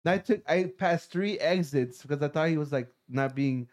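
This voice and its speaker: A man telling a profane story to friends, animated and laughing as he goes. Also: a little high, normal speed. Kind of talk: casual storytelling among friends.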